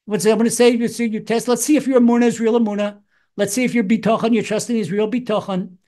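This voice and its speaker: A man teaching Psalms as a rabbi, animated, acting out voices with wide swings in pitch. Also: quick pace. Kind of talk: Torah lesson.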